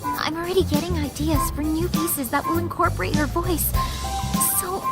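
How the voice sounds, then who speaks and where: Earnest young musician in a game, very high voice, loud music underneath. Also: female voice, steady tone, normal speed. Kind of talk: game voice acting.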